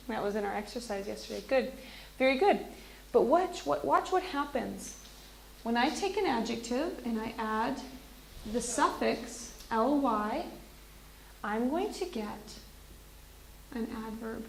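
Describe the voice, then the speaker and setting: A woman teaching an English lesson to a class, speaking slowly and clearly. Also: on the high side, lively intonation. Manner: slow, clear, encouraging teacher talk. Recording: echoey classroom with faint noise.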